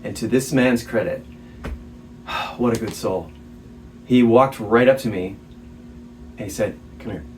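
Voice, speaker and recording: A man, a stage actor, telling a story as an interview guest in a candid, animated way, laughing between remarks. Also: fairly low pitch, moderate pace, long pauses. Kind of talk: casual storytelling. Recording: distant mic, faint background noise.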